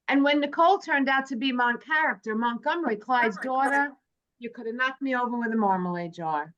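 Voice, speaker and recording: A woman's voice: on the high side, lively intonation, normal speed, fairly bright tone. Chatty woman hosting a movie club. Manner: chatty, jokey, reads from prepared notes. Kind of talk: casual chat reading notes. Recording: dull lo-fi sound.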